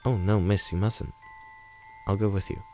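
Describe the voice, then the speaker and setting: Man putting on a timid young woman, polite, soft, hesitant, visual novel. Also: fairly low pitch, fairly even intonation, moderate pace, faint music behind, lightly acted. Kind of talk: reading a visual novel aloud.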